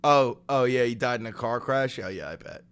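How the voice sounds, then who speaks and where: A man hosting a comedic reaction video, reading aloud and reacting with loud, sarcastic, swearing outbursts. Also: medium pitch, fairly quick, smooth. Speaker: commentary video host.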